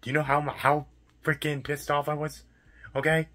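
A young man in a profane, exasperated vlog rant about his fast food job, repeating himself as he vents. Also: a little high, little pitch movement, fairly bright tone. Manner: exasperated, profane, repetitive ranting. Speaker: fast food worker ranting.

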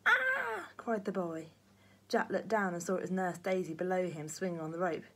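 A woman, a primary teacher, reading a children's book aloud with lively, expressive storytelling. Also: fairly low pitch, brisk.

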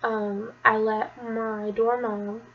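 A woman's voice: fairly high pitch, little pitch movement, slow pace, dull audio. A young woman telling a personal story to camera in a rambling, chatty way, now and then dropping to a whisper. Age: young adult. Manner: rambling, chatty, drops to a whisper at painful parts. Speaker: vlogger.

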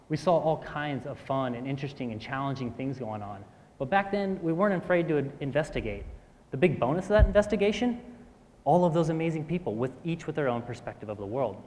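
A man in his thirties giving a motivational talk on stage, talking quickly and often clearing his throat. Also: on the high side, expressive. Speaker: speaker at a live talk event. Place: stage in a hall with an audience. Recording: reverberant hall.

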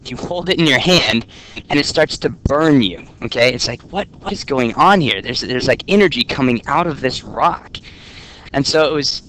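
A man teaching a class in a relaxed, joking way, often checking in with "okay?". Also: medium pitch, normal speed, a little hiss or hum. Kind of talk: classroom lecture. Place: classroom with students.

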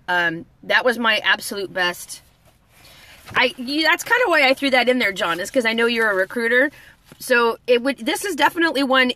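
A woman's voice: a little high, sharp tone, dry recording. A woman hosting a word-of-the-day lesson in a chatty way, greeting viewers by name, with a slight lisp from orthodontic bands. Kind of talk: casual live video lesson.

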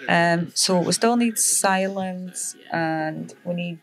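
A woman's voice: fairly low pitch, takes it slowly, soft background music, low-quality recording. A woman giving rambling, casual commentary over her Minecraft gameplay late at night, tired and full of fillers. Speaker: Minecraft server player and YouTuber.

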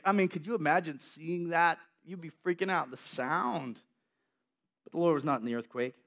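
High-voiced, animated male preacher. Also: a little fast. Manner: animated, acts out the voices in the story. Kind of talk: sermon.

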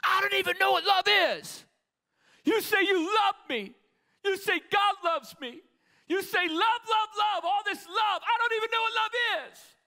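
A man voicing an angry young male student who shouts a defiant, hurt outburst in a sermon story. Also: very high voice, a little slow, pitched above the performer's own voice, full character voice. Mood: furious.

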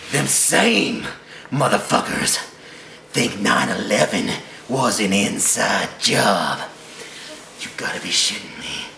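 A man's voice: mid-range voice, vocal fry, bright, forceful tone, a little hiss or hum. A man ranting angrily at the camera with crude, aggressive swearing, recorded with a roomy echo. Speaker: vlogger. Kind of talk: profane angry rant.

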